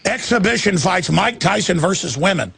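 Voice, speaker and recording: A man hosting a talk radio show, with a gravelly, husky voice that sits a little high for a man. He rants in a heavily sarcastic way and laughs at his own jokes, and the studio sound is dry and close. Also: lively intonation, normal speed, fairly bright tone, no echo.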